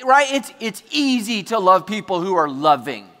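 A man preaching a sermon to his congregation, chatty and joking, acting out quick asides as he goes. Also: sits high, very animated, a bit bright. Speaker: pastor. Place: church hall before a congregation. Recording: large hall with long reverb.

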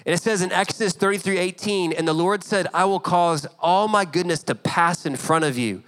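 A man in his thirties delivering a sermon with an easy, conversational touch. His voice sits a bit high for a man, and he keeps checking in with the congregation as he acts out small scenes from the story. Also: brisk, fairly bright tone, clean tone. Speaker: pastor.

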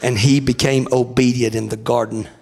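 A man preaching a revival sermon, shouting in a sing-song cadence, his voice wearing out. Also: mid-range voice, level tone, normal speed, creaky, breathy edge.

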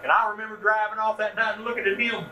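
Man, higher voice, folksy church storyteller, off-mic with a hum behind him. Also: fast talker. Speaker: ministry workshop leader. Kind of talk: storytelling talk with prayer. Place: meeting room at a church event. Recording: distant mic with steady hum.

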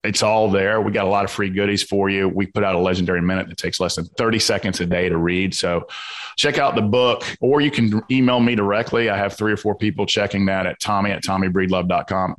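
A man's voice: low voice, steady tone, fairly quick. A man with a Southern accent, a guest author talking in an earnest, motivational way on a podcast. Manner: earnest, motivational, laughs easily. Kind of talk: casual podcast chat.

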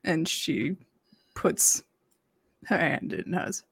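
A woman playing a tabletop game, expressive and exclamatory, swearing freely. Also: sits low, drawn-out words, vocal fry, slightly rough. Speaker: player. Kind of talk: casual tabletop play.

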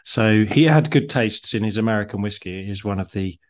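A man, co-hosting a casual chat and explaining things in a steady way with some fillers. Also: on the low side, brisk. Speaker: co-host.

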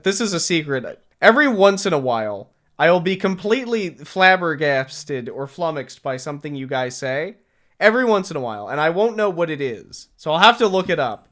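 A man's voice: on the high side, very animated, fairly quick, fairly bright tone. A man co-hosting a podcast, joking around in casual chat. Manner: jokey, self-deprecating, does silly voices. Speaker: podcast co-host.

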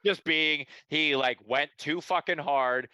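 A man's voice: a little high, slow pace, pushed and bright, clean tone, no echo. A man co-hosting a podcast, sarcastic and swearing in casual chat. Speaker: podcast co-host.

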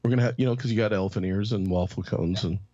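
Low-voiced pastor from Oregon. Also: male voice, very fast, mellow, dry recording. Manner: sarcastic, then earnest. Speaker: pastor on a panel. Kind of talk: casual round-table discussion. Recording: dry, dull lo-fi sound.

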